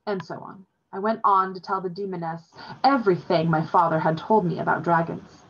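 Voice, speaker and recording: Teacher lady reading a novel aloud, lowish breathy voice, muffled lo-fi audio. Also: fairly even intonation, fairly quick, few pauses. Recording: dull lo-fi recording.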